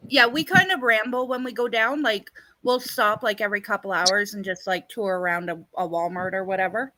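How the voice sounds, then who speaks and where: A woman with a Canadian accent, co-hosting a live stream and telling a rambling story, often pausing on "what do you call it". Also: mid-range voice, crowd noise, rough recording. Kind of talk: casual storytelling chat.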